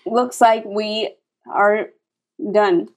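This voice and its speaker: A woman's voice: mid-range voice, fairly even intonation, very slow. A woman co-hosting a comedy podcast over a video call, hesitant and full of fillers and restarts. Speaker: podcast co-host.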